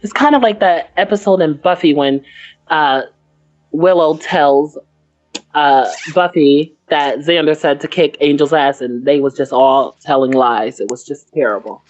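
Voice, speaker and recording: A woman's voice: low voice, unhurried, a little mellow, soft background music. A woman co-hosting a podcast, chatting casually about a TV episode and rambling through her notes with lots of fillers. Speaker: podcast co-host. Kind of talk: casual TV recap chat. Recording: muffled lo-fi audio.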